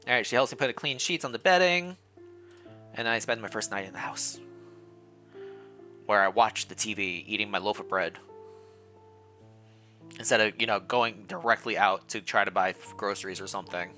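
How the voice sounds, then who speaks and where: A man's voice: lowish voice, normal speed, pauses often, bright, forceful tone, faint music behind. A man streaming, casually reading a visual novel aloud and commenting, often laughing and correcting himself.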